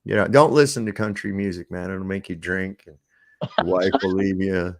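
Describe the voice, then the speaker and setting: A middle-aged man hosting a podcast, telling stories in a profane, animated, casual chat. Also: sits low, normal speed. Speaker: podcast host.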